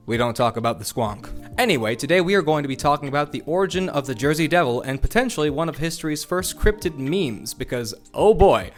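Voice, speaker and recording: A man hosting his own video channel, giving a casual, playful explainer full of jokey asides. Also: medium pitch. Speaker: YouTube host. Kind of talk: casual explainer with a felt board.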